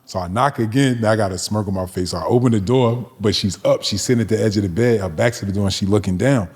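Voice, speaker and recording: A man's voice: on the low side, quick pace, darkish tone, breathy edge. A man in his forties, a retired pro athlete and podcast guest, telling stories in casual, slangy speech and swearing freely. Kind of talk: casual storytelling chat.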